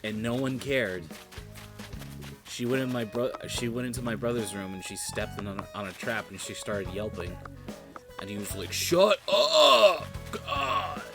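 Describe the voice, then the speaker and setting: A man's voice: lowish voice, little pitch movement, normal speed, over music. A man streaming a game, giving casual, rambling commentary and joking with his viewers.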